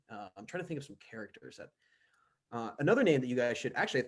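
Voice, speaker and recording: A man's voice: medium pitch, big pitch swings, fast talker, breathy edge. Young male podcast guest, mid-range voice, loose rambling delivery full of fillers. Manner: rambling, lots of "like" and restarts. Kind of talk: casual podcast chat.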